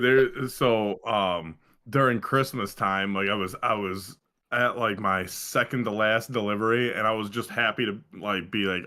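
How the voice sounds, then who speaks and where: A young man telling long, meandering stories on a casual podcast, swearing freely and leaning on fillers. His voice sits fairly low but sounds bright and forward. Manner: rambling storyteller, heavy swearing and fillers. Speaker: podcast co-host. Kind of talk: casual chat.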